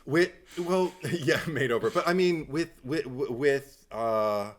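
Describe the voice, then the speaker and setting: A man co-hosting a podcast in casual chat, animated, laughing often and restarting his sentences. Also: mid-range voice, slow pace. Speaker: podcast co-host.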